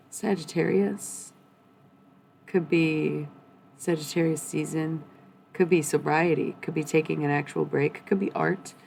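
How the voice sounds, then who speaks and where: Young woman, blunt and profane tarot streamer; low, gravelly voice. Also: a little mellow, slight background noise, rough recording. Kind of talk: live-streamed tarot reading.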